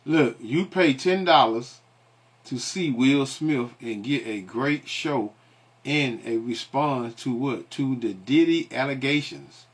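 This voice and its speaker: A man with a husky, slightly rough voice of middle pitch. he talks loose and casual and keeps throwing out questions, then answers them himself, like a street preacher working through a passage. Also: takes it slowly. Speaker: online commentator and preacher. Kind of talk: casual commentary and scripture teaching.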